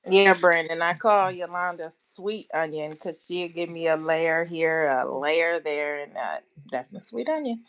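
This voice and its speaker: A woman speaking as a guest on a casual livestream chat, quiet and low-key. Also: unhurried, hardly any pauses. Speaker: live guest.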